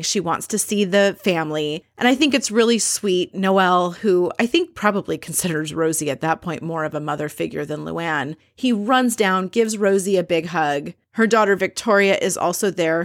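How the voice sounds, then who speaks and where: A woman with a fairly low voice gives a chatty, gossipy recap of a reality show episode. Her voice is close and dry, with no room sound around it. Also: no echo. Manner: chatty, gossipy, acts out quotes. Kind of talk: casual recap monologue.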